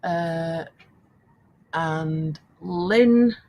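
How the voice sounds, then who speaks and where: A woman's voice: deep voice, extremely slow, dull audio. An older woman hosting a casual live stream, chatty and laughing often as she reads out viewer comments. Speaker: live stream host selling craft supplies.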